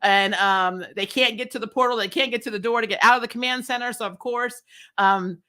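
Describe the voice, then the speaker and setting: Fairly quick and slightly high, this TV review vlogger's bright, pushed voice carries a casual spoiler discussion of an episode. She talks candidly, laughs a lot, and curses without holding back.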